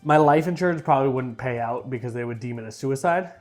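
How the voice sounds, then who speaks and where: A man's voice: mid-range voice, fast, faint music behind. Chatty man tasting sauces on camera. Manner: chatty and joking, trails off with fillers; playfully repeats and mispronounces words. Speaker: food reviewer. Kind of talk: casual food tasting vlog.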